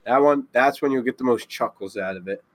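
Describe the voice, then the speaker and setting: A man's voice: mid-range voice, a little fast, no echo. A young man hosting a casual podcast chat, laughing often and swearing freely. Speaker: podcast host.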